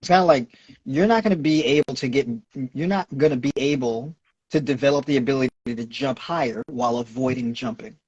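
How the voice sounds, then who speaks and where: A man's voice: mid-range voice, brisk, a little mellow, breathy edge, no room sound, muffled recording. A man with a New York accent, a nutrition and fitness coach, explaining at length in a lecturing way and checking in with "right?". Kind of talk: explaining in a podcast Q&A.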